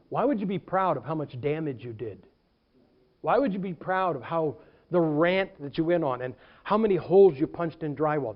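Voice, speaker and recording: A man's voice: high voice, highs cut off. A man preaching a sermon as a pastor, telling stories and acting out what people said. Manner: animated storytelling preacher, acts out quotes.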